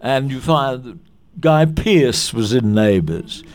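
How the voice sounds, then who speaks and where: An older man with an Australian accent spins long, rambling showbiz anecdotes in a relaxed interview. His voice sits at an ordinary middle pitch. He restarts sentences as memories catch up with him. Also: slow. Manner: anecdotal and chatty, with restarts and quotes acted out in other voices. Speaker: veteran actor, interviewee. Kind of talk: reminiscing interview.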